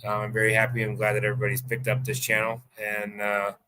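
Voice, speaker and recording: A man from the United States hosting a casual livestream chat, excitable and rambling, swearing freely and using lots of fillers. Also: on the low side, quick pace. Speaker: host.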